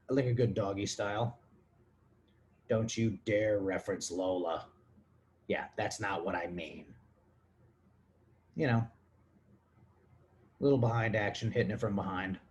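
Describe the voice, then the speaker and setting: A man's voice: fairly low pitch, a little slow, pauses often. Drunk rambling man, crude and loose. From Texas. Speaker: podcast host. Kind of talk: casual comedic monologue answering listener questions.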